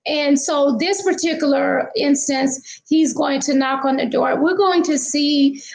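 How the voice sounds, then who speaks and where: A woman commentating on a true crime case in a casual, halting way, with many fillers. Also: sits high, vocal fry, poor audio.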